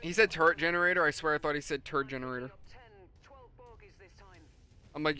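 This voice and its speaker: A man's voice: fairly high pitch, a little fast, bright, forceful tone. A man with a New York accent chatting casually during a game stream, telling rambling stories and swearing freely. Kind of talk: casual gaming chat.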